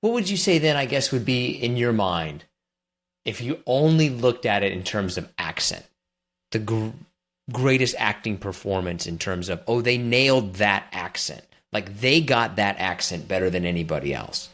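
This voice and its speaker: A man's voice: lowish voice, lively intonation, normal speed, a bit bright. A man hosting an interview, asking questions in a playful, teasing way.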